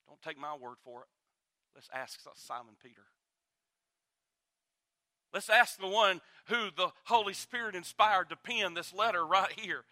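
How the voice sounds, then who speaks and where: A man preaching a sermon to a church congregation, shifting dramatically between loud and hushed delivery. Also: sits high, lively intonation, unhurried, pauses often, no echo, clean studio sound. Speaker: pastor.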